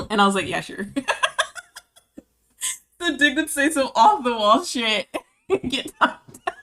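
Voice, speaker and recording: Woman streamer, bright tone, casual live-stream chatter, giggling, reading chat. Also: high-pitched, animated, slow pace, a little hiss or hum.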